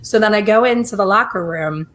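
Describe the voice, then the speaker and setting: A middle-aged woman hosting a casual chat, telling lively stories and acting out other people's voices. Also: medium pitch, a little fast. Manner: animated, acts out quoted voices. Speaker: host.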